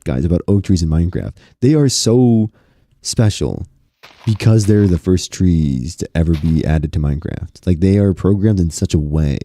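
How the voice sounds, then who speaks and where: A young man chatting to his viewers while playing a game on stream, excitable and laughing often. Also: sits low, no echo. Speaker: gaming streamer. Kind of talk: casual gaming stream commentary.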